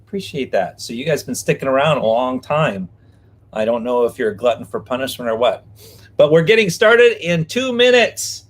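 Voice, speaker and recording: A man's voice: mid-range voice, very animated, moderate pace. A man co-hosting a live stream from a parked vehicle, talking casually and playfully, joking with viewers. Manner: playful, jokey, rhyming name games. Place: parked vehicle behind a restaurant.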